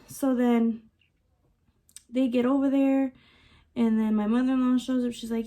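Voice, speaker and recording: A young woman vlogger telling a story casually, animated and full of "like" and quoted dialogue. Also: fairly high pitch, a little slow, pauses often. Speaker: beauty vlogger. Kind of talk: casual storytelling while doing lash extensions.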